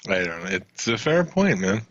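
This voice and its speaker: A man's voice: lowish voice, very animated, moderate pace, a bit bright, lo-fi sound. A man co-hosting a podcast, recapping wrestling in loose, profane, laughing casual chat. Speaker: podcast co-host.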